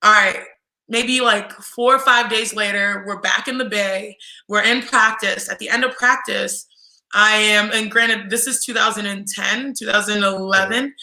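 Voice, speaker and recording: Young woman guest spinning a story, super bright sharp voice, does everyone's voices, kinda echoey room. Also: medium pitch, measured pace. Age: 20s. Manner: lively storyteller who acts out other people's voices. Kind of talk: casual storytelling.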